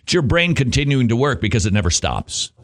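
Animated, joking male radio host. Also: mid-range voice, a little fast, a little hiss or hum. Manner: jokey, animated, laughs often, playful asides. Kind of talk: Christian talk radio monologue.

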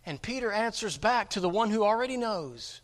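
A man's voice: high-pitched, fast talker. A man preaching a sermon, emphatic and often repeating his words as he presses each point. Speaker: pastor.

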